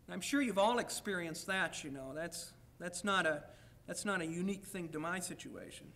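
Bright-voiced candid male lecturer. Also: sits high, moderate pace. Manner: candid and personal, speaking in the first person; reads aloud from his own writing. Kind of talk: university lecture.

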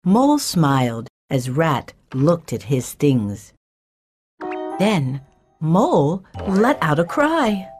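A woman reading a children's storybook aloud in a slow, clear way for learners. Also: deep voice, big pitch swings, a little mellow, soft background music. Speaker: narrator. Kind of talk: scripted storybook narration.

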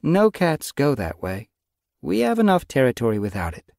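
A man voicing a brisk, instructive female mentor cat in an audiobook. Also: mid-range voice, huge pitch swings, vocal fry, a little mellow, no room sound, studio quality, pitched above the performer's own voice.

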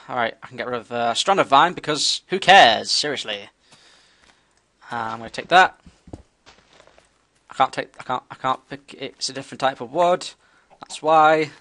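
Excitable man narrating his gameplay. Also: medium pitch. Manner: excitable, talks to himself, sudden yelps. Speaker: gameplay commentator. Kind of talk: casual gameplay commentary.

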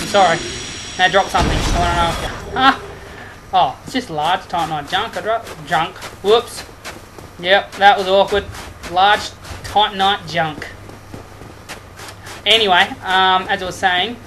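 A woman doing let's play commentary, excitable and trash-talking the enemies she fights. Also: medium pitch, low-quality recording. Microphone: headphones and desk mic. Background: game music.

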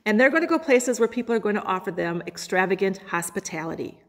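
A woman pastor preaching a sermon, quoting scripture with dramatic pauses. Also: medium pitch, lively intonation. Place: church sanctuary. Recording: long hall reverb.

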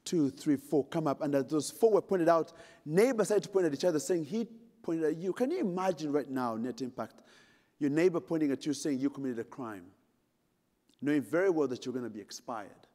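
A warm-toned male voice, on the high side and a little fast, carries expressively through a large conference hall with long reverb. It belongs to a middle-aged Ugandan man giving a keynote, who tells a dramatic story full of jokes and speaks directly to the audience.

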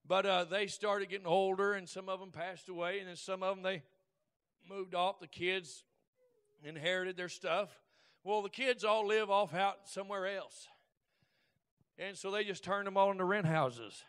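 A man preaching in a very high, strikingly bright voice. He spins down-home stories and breaks into shouted exhortation. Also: fairly even intonation, moderate pace, smooth. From Oklahoma. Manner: folksy storytelling that builds to shouted exhortation. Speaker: guest preacher. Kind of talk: Pentecostal preaching.

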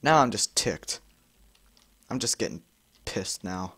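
A young man commenting on a frustrating video game he is playing, exasperated, swearing and yelling at it. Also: on the low side, lively intonation, takes it slowly, slightly rough, dry recording. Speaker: gamer. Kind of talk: frustrated let's-play commentary.

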